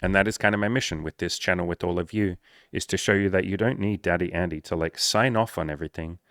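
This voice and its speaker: A man's voice: low-pitched, fairly even intonation, fast talker, fairly bright tone, dry recording, clean studio sound. A man coaching his viewers in casual talk to camera, playful and mock-formal at times, swearing freely. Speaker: dating and life coach.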